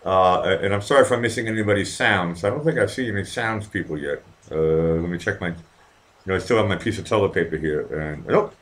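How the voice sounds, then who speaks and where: This man has a deep voice and talks a little fast. Hosting his own live show, he drinks, rambles, swears heavily and chats casually with his viewers in the chat.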